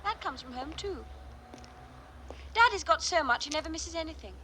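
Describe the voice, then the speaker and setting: Spoiled rich young woman, high and lively, cool and careless, noisy old film soundtrack. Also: moderate pace. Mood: aloof. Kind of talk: film dialogue.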